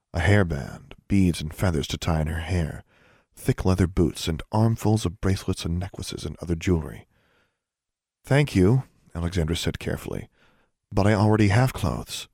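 A man narrating a story in a steady, measured way. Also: low voice, no echo, clean studio sound. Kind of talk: audiobook narration.

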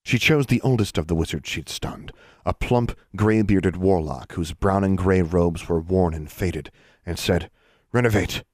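A man reading a fantasy story aloud in a steady, measured way. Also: low voice, dry recording, studio quality. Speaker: audiobook reader. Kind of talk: storybook narration.

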